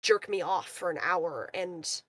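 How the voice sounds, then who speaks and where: A woman telling a story on a livestream in a casual, animated way, full of "like" fillers. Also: on the low side, measured pace, no room sound. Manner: animated, filler-heavy retelling. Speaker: guest on a livestream.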